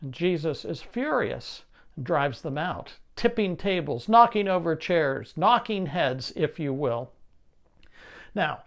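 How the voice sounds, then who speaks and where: A man preaching a sermon, reading scripture and then explaining it with rhetorical questions and lively emphasis. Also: fairly high pitch, slow pace.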